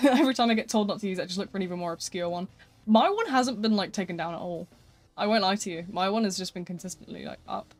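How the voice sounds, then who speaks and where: A woman's voice: medium pitch, fast, faint music behind. A woman streaming live, chatting casually and rambling with frequent laughter.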